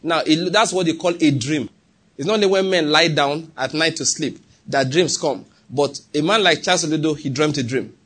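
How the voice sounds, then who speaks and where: A man with a Nigerian English accent delivers a sermon with emphatic, pressing conviction. His voice sits a little high and carries a husky, breathy edge. He keeps pausing to ask whether his listeners are following. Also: a bit bright. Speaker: pastor.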